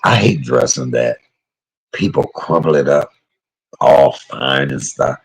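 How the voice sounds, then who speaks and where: A middle-aged cooking vlogger with a very deep, husky voice and lively intonation talks slowly and casually to viewers as he cooks. He's emotional and chatty, reading out comments and addressing live chat members by name, in a low-quality recording.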